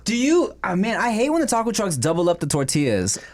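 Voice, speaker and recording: Brief: male co-host in his thirties, casual slangy chatter, lively swinging pitch. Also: fast. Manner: laid-back, slangy, swears often. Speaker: podcast co-host. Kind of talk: casual chat.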